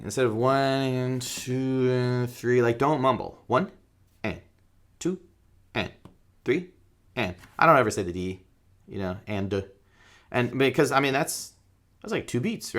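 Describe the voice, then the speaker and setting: A man's voice: fairly low pitch, a bit bright. A man teaching a guitar rhythm lesson in a casual, joking way, counting beats aloud while he strums.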